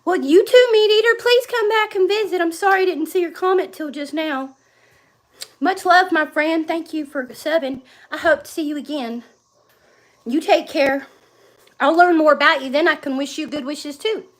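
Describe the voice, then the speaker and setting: A woman's voice: high-pitched, normal speed. A middle-aged woman, chatting rambly and laughing often as she films herself around her home and yard. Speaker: vlogger. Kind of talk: casual livestream chat. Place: home and yard, outdoors at times.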